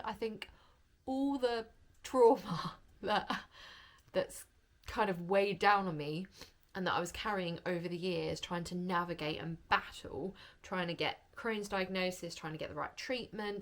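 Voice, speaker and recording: A young woman talking to camera in a chatty vlog, open and emotional, gushing as she shares a personal story. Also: on the low side. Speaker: vlogger.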